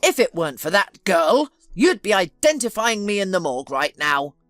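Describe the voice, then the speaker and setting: A woman's voice: medium pitch, expressive, normal speed, a bit bright, dry recording, soft background music, lightly acted. A woman voicing an elderly wealthy father who speaks in an insistent, scolding way. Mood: indignant.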